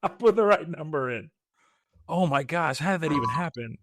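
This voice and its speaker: A man's voice: fairly high pitch, brisk, dry recording, clean studio sound. A man co-hosting a podcast who jokes and swears in casual chat. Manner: animated, joking, swears. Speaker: podcast co-host.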